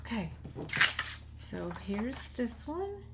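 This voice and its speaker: A woman's voice: a little high, very animated, slow pace, vocal fry, background noise. A woman hosting a paper-craft tutorial, chatting with viewers in a self-deprecating way while she works, with a slightly runny nose. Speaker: paper-craft video host. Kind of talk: casual crafting tutorial chat.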